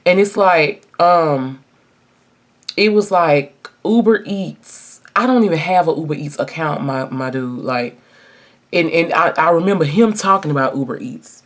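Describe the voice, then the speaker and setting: A woman's voice: deep voice, lively intonation, unhurried. A woman in her twenties telling a personal story in a casual get-ready-with-me video, chatty and emphatic, talking straight to her viewers. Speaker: vlogger.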